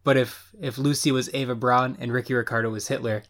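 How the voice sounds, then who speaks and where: Dude on a comedy podcast, dry jokes, just explaining stuff. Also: male voice, medium pitch, fairly even intonation, quick pace, fairly bright tone. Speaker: podcast co-host. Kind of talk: casual comedy podcast chat.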